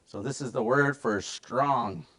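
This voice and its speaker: A middle-aged man teaching a language class in a relaxed, chatty way. He slowly repeats words for the learners to practice. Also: mid-range voice. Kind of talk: casual language lesson.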